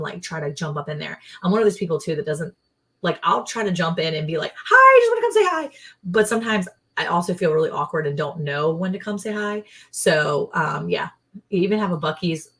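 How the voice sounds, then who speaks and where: A woman co-hosting a casual livestream, chatty and rambling, often quoting people in lively voices. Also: lowish voice, fast. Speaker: livestream co-host.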